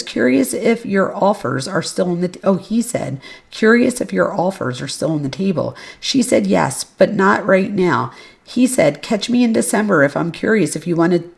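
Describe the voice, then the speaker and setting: Woman podcast host, fry in the voice, reads records with offhand, blunt commentary. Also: medium pitch. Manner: casual and blunt, with offhand asides and swearing. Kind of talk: reading case records aloud with commentary.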